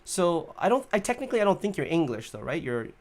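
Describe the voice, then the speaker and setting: A man's voice: high voice, very animated, fast. A man hosting a casual livestream chat, upbeat and chatty, often laughing. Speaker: livestream host.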